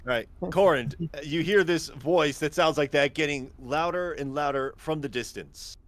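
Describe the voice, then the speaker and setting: A man's voice: fairly high pitch, moderate pace, a bit bright, no echo. A man running a tabletop game as game master, narrating in a laid-back way with chuckles.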